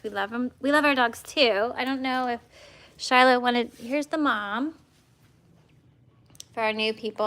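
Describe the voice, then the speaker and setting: A woman's voice: mid-range voice, creaky, fairly bright tone. A woman dog breeder hosting a casual livestream from her home, chatting in a rambling way with fillers and restarts, and now and then cooing baby talk at her dogs. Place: at home with a litter of puppies.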